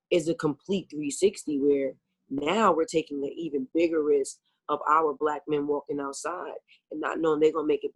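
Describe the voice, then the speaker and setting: A woman's voice: deep voice, slightly rough. A woman singer, a guest on a talk show, speaking earnestly and emotionally over a video call and leaning often on "you know". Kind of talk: casual interview.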